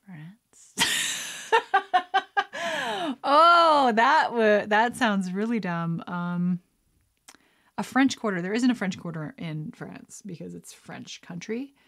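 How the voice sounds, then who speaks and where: A chatty, excitable woman talks to her viewers as she plays a trivia game. She reads each question out loud and mutters her guesses half to herself. Her voice sits in a middle pitch, and she bursts into squeals and laughter when she gets one right. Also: slow, pauses often. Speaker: vlogger. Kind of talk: casual chat, playing a trivia card game.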